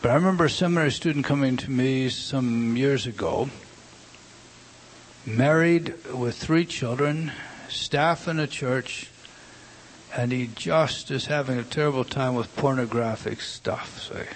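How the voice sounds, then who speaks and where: A man preaching a sermon, emphatic and repetitive, swinging from hushed asides to loud declarations. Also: mid-range voice, unhurried, a little hiss or hum.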